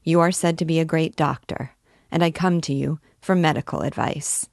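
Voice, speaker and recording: A woman reads a disguised old gentleman who speaks in grave, humble tones. The voice sits low and moves slowly. The recording is dry and close. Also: steady tone, vocal fry, dry recording. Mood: earnest. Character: grave elderly male country gentleman in disguise.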